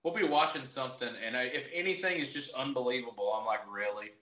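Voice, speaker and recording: Man in his thirties, podcast guest, bright forceful voice, acts out his reactions mid-story, roomy room echo, dull lo-fi sound. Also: medium pitch, lively intonation, quick pace. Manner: storytelling, acting out his own reactions in quotes. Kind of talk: casual chat.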